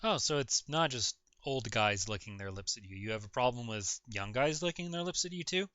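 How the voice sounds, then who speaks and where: A man's voice: medium pitch, expressive, fairly quick, a bit bright, no room sound. A man ranting sarcastically in a reaction video, mocking and exasperated, swearing often. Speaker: video commentator. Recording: dull lo-fi recording.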